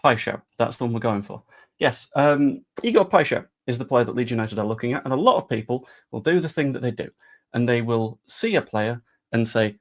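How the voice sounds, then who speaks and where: A man's voice: mid-range voice, animated, fairly quick. A man talking casually about football transfers, chatty and sarcastic. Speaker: football fan vlogger. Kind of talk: casual live-stream chat.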